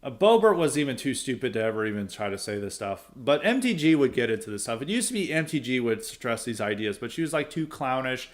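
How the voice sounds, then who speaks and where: A man hosting a podcast, talking in a casual, opinionated commentary style. He rambles through thoughts with frequent asides and chuckles, at an ordinary middle pitch for a man. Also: big pitch swings, fast, hardly any pauses. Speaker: podcast host.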